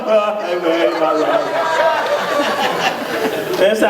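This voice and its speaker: A man's voice: high-pitched, expressive, moderate pace, long pauses, distant mic, a loud crowd, heavy background noise. A man, a psychologist, giving a humorous talk to couples in a church, acting out the lines of both partners in his stories. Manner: storytelling, acts out dialogue in voices. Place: church hall. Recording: echoey church hall, mic from afar, audience. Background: laughing audience.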